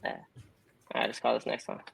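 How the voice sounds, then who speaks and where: A man's voice: fairly quick, a bit bright, a little hiss or hum, poor audio. Upbeat slangy man on sales calls. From Texas. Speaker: caller. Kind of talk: live sales calls and chat.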